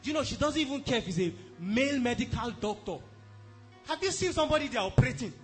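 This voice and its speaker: High-voiced man preaching a sermon. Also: lively intonation, fast, fairly bright tone, faint music behind. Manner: emphatic, repeatedly asks the congregation if they are following. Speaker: pastor.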